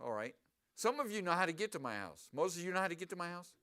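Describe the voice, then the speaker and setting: A man's voice: high voice, fast talker. A man preaching a sermon to his congregation in church, asking them questions often. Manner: animated, asks the congregation questions. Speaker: pastor. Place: church sanctuary.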